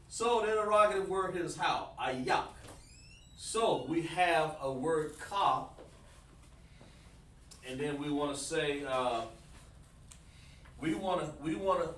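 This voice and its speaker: A man teaching a livestreamed language lesson, explaining slowly and repeating himself while talking to the chat. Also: mid-range voice, a bit bright. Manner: slow, repetitive explaining, addresses the chat. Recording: roomy, mic at a distance, faint noise.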